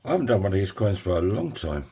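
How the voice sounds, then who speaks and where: A man's voice: low-pitched, big pitch swings, fast, dark tone, slight background noise. A man giving a casual DIY tutorial in his home workshop, chatty and jokey with self-mocking asides. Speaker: coin ring maker.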